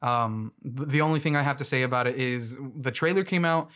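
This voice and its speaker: A man's voice: mid-range voice, fairly quick, fairly bright tone. A young man with a mid-range voice rambles through a casual trailer reaction. He leans on fillers, restarts his sentences and laughs easily as he goes. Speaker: movie commentator.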